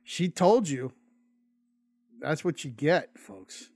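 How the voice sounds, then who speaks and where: A woman hosting the show in a relaxed, casual way, laughing often and chiming in with short remarks. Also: deep voice, slow pace, faint music behind. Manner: laid-back, laughs and chimes in. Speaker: show host. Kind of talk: casual chat.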